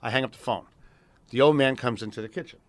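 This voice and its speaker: A man's voice: medium pitch, fast talker, no echo. A middle-aged man telling profane, streetwise stories in a casual podcast chat. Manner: profane, streetwise storyteller who acts out other people's voices. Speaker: podcast co-host.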